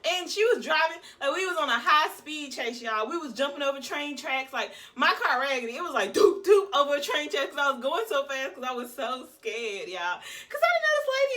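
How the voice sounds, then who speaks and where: A young woman telling a story to her viewers in a chatty, animated way. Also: sits high. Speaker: vlogger. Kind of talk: casual storytelling to camera.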